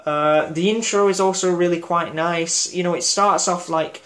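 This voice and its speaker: A man's voice: high-pitched, fairly even intonation, normal speed, a bit bright. A man giving a casual album review vlog, enthusiastic and rambling, with lots of fillers and restarts. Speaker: music reviewer.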